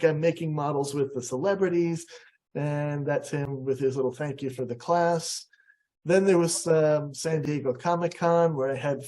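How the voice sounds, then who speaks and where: Animated American man telling a story. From USA. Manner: animated, acts out quotes with big pitch jumps. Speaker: guest speaker. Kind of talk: storytelling presentation.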